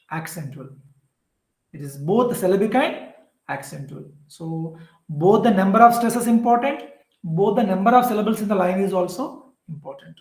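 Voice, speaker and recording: A man's voice: high-pitched, vocal fry, a little mellow, echoey room, rough recording. A man teaching an exam-prep literature lecture, explaining patiently and repetitively with frequent "uh" fillers. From southern India.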